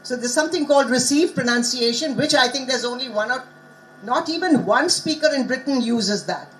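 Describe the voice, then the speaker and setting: Lady giving a conference talk, slightly high voice, keeps quizzing the room, faint hum behind. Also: brisk, rough recording. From Bengal, India. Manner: teacherly, asks the audience rhetorical questions. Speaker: conference speaker on language teaching. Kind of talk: academic conference lecture.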